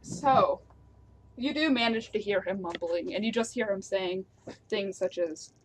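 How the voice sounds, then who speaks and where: A woman's voice: mid-range voice, measured pace, a little hiss or hum. A woman narrating as game master of a tabletop game, describing scenes and laughing along with her players.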